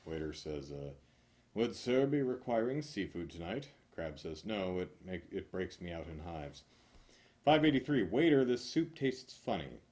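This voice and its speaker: A man reading numbered jokes aloud one after another, hitting each punchline with animated emphasis. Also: low voice. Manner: animated, punchy joke delivery with drawn-out punchlines.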